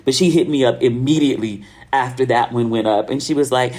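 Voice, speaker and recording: A woman's voice: a bass voice, a little fast, mellow. Chatty American woman podcast host. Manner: chatty storytelling with laughs and slang. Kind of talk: casual solo podcast monologue.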